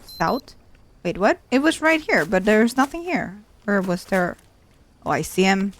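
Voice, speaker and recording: A woman's voice: mid-range voice, very animated, measured pace. A woman hosting a let's play who gives casual, chatty commentary and repeats exclamations when something startles her.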